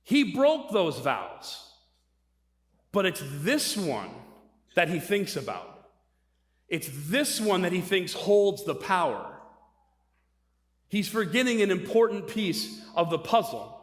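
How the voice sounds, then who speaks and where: A middle-aged male preacher with a high, bright voice, delivering a lively sermon full of stories and rhetorical questions. His voice carries through a church with a long, rolling reverb. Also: slow pace, long pauses. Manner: animated storyteller, rhetorical questions.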